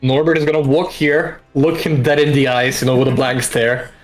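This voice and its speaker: A man's voice: medium pitch, little pitch movement, normal speed, faint music behind. A man playing a tabletop game, describing his character's actions in a playful way. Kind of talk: casual game talk. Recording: echoey room.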